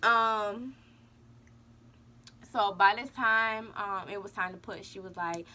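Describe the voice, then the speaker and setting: A woman's voice: mid-range voice, slow, sharp tone. A young woman vlogger casually telling a birth story and talking straight to her viewers. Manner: chatty, addresses viewers as y'all.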